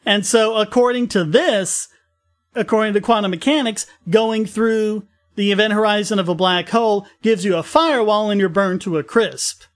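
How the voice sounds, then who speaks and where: A man's voice: high voice, moderate pace. A man co-hosting a casual science podcast, explaining a physics story at length and laughing easily.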